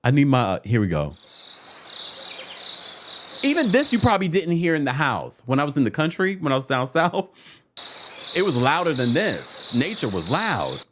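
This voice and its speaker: A man hosting a casual reality TV recap, chatty and animated, repeating phrases for emphasis. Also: fairly high pitch, moderate pace, pauses often, noisy background.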